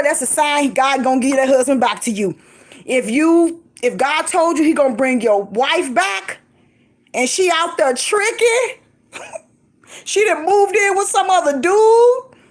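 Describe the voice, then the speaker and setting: A middle-aged woman vlogging, giving lively, emphatic encouragement in a casual preachy way, laughing often. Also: sits high. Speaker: faith vlogger.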